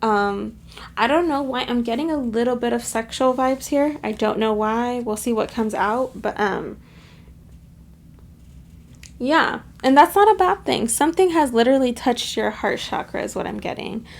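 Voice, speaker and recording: A woman tarot reader gives a casual pick-a-card reading in a slightly high voice at a moderate pace. She's chatty and gushing, full of fillers and affectionate asides.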